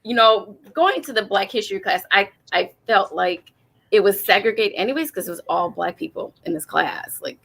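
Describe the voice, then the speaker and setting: A woman's voice: medium pitch, animated, moderate pace, gravelly, a bit bright. A woman speaking thoughtfully in a casual panel discussion, hesitating often with fillers.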